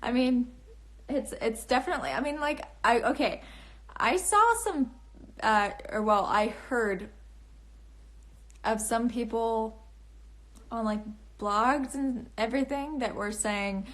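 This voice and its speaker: Giggly young woman on a slow livestream. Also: a little high. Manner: bubbly, giggly, rambling with many restarts. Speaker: livestream host and author. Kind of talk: casual livestream chat answering comments. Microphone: phone camera.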